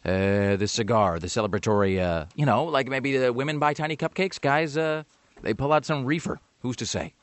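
A man's voice: mid-range voice, normal speed, no echo. A man hosting a radio show, chatting casually in a rambling, jokey and self-mocking way.

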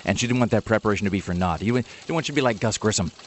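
A male radio host talks at a fast clip in a loose, joking chat. His humor is wry and he tends to ramble. A faint background hum sits under the voice. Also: fairly low pitch.

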